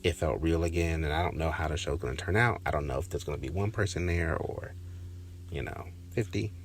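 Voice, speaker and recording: A man hosting a podcast, telling a personal story in a casual, reflective, halting way, often restarting his sentences and sometimes dropping to a whisper. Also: a bass voice, a little hiss or hum. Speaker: podcast host.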